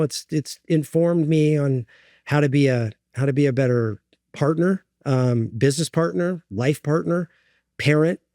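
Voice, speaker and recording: A middle-aged man from the United States, a guest in an interview, telling his own story in an earnest, halting way with many fillers and restarts. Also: mid-range voice, mellow, no echo, clean studio sound.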